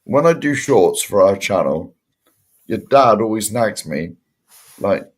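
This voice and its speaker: A man co-hosting a casual pub chat show, friendly and animated, calling everyone mate. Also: fairly low pitch, slow pace. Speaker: podcast co-host.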